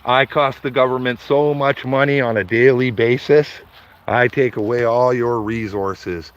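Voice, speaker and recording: A man rants into his phone outdoors, heated and profane, circling back to the same points again and again. His middle-pitched voice comes through a slightly dull, lo-fi stream. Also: fairly even intonation, a little slow. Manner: heated, profane, repetitive ranting. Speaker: vlogger streaming to viewers. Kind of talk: ranting live stream.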